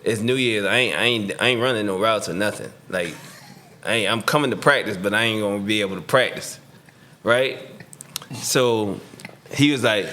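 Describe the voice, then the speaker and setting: A man's voice: fairly low pitch, normal speed. Middle-aged guy telling a story, casual slangy podcast chat, does the voices. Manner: animated, slangy, acts out voices in his story. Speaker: podcast guest, former pro football receiver.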